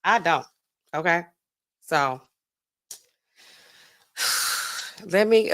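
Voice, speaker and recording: Pharmacist lady on her livestream, kinda high voice, chatty and animated. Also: slight background noise. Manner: animated, acts out customers in quick asides. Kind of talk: casual livestream chat.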